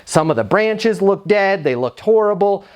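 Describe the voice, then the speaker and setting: A man with a fairly high voice tells an energetic story in a casual, conversational way. He sounds relaxed and animated, like he is speaking to a room of salespeople. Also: normal speed. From United States. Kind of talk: storytelling talk.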